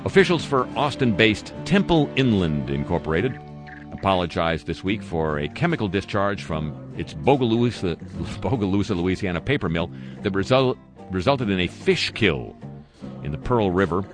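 Low-voiced guy doing snarky news commentary on the radio, music playing under him. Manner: sardonic, dry asides. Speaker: radio host.

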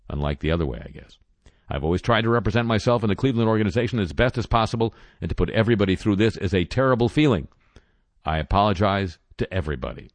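A man hosting a satirical news roundup, reading stories in a deadpan way and dropping wry asides. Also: fairly low pitch, no echo. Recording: music bed under voice.

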